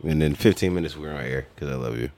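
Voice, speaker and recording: A man's voice: very deep voice, quick pace, darkish tone. A man co-hosting a podcast, laid-back and profane, telling stories in casual banter. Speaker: podcast co-host.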